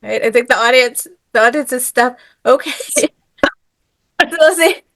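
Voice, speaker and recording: Brief: upbeat host, high and unhurried, in a dry room. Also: female voice, fairly bright tone, no room sound. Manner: upbeat, laughs often. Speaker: host and moderator. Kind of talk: live improv storytelling hosting. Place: small room before a live audience.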